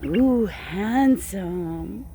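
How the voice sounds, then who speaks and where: A woman on her small farm, filming on her phone as she coos and dotes over her turkeys, slipping into soft laughs and whispers. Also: mid-range voice, expressive, drawn-out words, a little hiss or hum. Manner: cooing and doting, breaking into soft laughs and whispers. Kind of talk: casual talk to her animals on camera. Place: outdoors on a farm among poultry.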